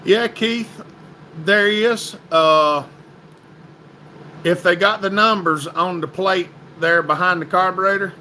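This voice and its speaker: A man's voice: sits high, slow, long pauses, pushed and bright, a little hiss or hum, low-quality recording. Folksy man chatting on a livestream. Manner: folksy, chatty, greets viewers by name. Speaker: livestream host. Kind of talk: casual livestream chat reading comments.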